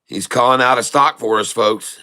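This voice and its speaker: A middle-aged man hosting live day-trading commentary, excitable and folksy, repeating phrases for emphasis. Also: medium pitch, moderate pace. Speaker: day trader host.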